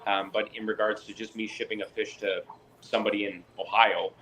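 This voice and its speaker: On a low-quality recording with slight background noise, a Canadian man talks fairly quickly in a fairly low voice. A fish keeper on a live chat, he's an animated storyteller who plays both parties in the conversations he describes.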